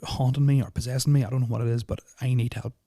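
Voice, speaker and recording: Young guy, podcast host, fast, flat-toned, rambling and uneasy, dry close sound. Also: mid-range voice, no room sound. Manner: rambling, full of "like" fillers, restarts and swearing; nervous, uneasy retelling. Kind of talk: casual storytelling of personal experiences.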